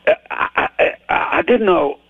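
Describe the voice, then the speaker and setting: An older man with a Geordie accent from Newcastle, telling rambling, animated anecdotes with stammers as a guest in a casual interview. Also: high-pitched, unhurried, no room sound. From Newcastle, England. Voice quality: gravelly, husky. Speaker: guest rock singer. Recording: tinny phone line.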